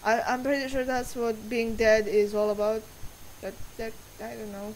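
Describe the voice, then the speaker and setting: A woman's voice: fairly high pitch, flat delivery, normal speed, slight background noise, rough recording. Teen girl joking through a game. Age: teens. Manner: joking, reads game dialogue aloud with asides. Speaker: let's play gamer. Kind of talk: casual game commentary. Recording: game music playing loudly underneath.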